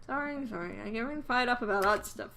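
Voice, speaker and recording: A woman's voice: a little high, fast, vocal fry, pushed and bright. A young woman playing a game, reading out every character's lines and joking between them. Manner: playful, voices every character in the dialogue and jokes between lines. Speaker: let's player. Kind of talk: reading a game's dialogue aloud.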